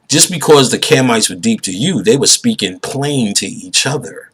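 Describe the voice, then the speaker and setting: A man holds forth in a casual, profane monologue. His voice is husky and lowish, and he is emphatic and preachy, breaking into loud outbursts. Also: animated, normal speed, rough recording. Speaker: podcast host.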